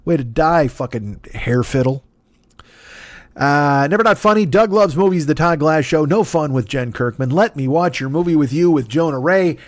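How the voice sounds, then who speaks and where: A man's voice: on the high side, expressive, moderate pace, no room sound. Male comedy podcast host, solo monologue, sardonic and profane; dry, close sound.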